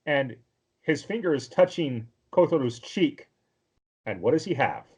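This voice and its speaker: A man's voice: medium pitch, very animated, unhurried, a little mellow, breathy edge. Rambling male podcast co-host. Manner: rambling, with many fillers and restarts. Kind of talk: casual chat recapping an anime episode.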